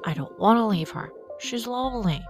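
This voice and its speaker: A woman voicing a nervous, polite young man who talks through his nose in a hushed, hesitant way. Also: fairly high pitch, animated, normal speed, soft background music, pitched above the performer's own voice, natural voice. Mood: queasy, uneasy. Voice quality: nasal, mouth-breathing.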